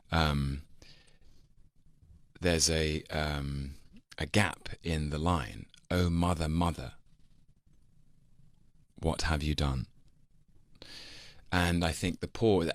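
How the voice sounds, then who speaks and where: A man explaining Shakespeare in a thoughtful, measured way, pausing often with ums as he reflects. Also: very deep voice, a bit bright.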